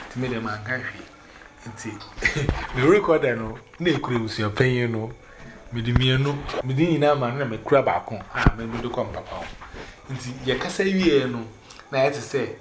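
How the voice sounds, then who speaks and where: A Ghanaian man recounts a family story in an animated, chatty way, jumping up in pitch whenever he quotes someone. His medium-pitched voice rings out in a roomy, echoey space with a faint hiss underneath. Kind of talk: casual storytelling mixing English and Twi. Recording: roomy echo.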